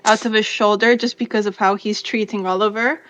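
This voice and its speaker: A woman's voice: mid-range voice, steady tone, a little fast, fairly bright tone. A woman player at a tabletop game describes what her character does, sounding playful. The sound is muffled and lo-fi, with no room echo. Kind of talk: tabletop play. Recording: dull dry lo-fi mic.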